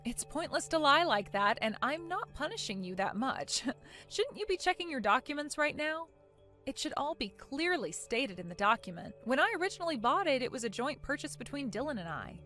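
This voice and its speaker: A smug young wife answers in a soft, cool and sarcastic tone, voiced by a woman. Her slightly high voice still moves freely in pitch. Faint music runs underneath this animated story. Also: normal speed, heavily acted. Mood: matter-of-fact.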